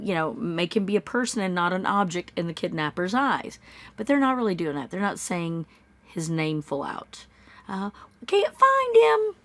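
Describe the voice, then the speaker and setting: A woman in her thirties giving casual true-crime commentary, skeptical and musing, breaking into high mocking voices when she quotes people.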